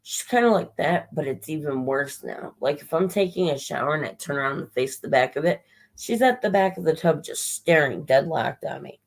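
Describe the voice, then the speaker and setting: A woman's voice: low-pitched, lively intonation, normal speed, creaky, poor audio. A woman talks loosely to her livestream viewers, drifting from one thought to the next and cursing now and then. Her voice is strained, and she runs short of breath as she goes. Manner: rambling, chatty, swears casually, greets viewers by name. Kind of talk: casual livestream chat.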